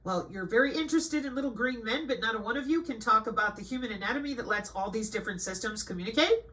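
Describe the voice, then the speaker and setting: Middle-aged woman host, slightly high, bright edgy voice, flat list reading that flips into sarcastic scolding. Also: low-quality recording. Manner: scolding and sarcastic, jumping between flat reading and emphatic outbursts. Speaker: channel host. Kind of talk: reading a list aloud with ranting commentary.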